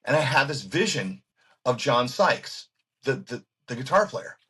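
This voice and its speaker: A man who is a guest musician telling stories in an interview, excitable and animated, acting out what other people said. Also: mid-range voice, measured pace, breathy edge. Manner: excitable, acts out quoted voices, frequent restarts.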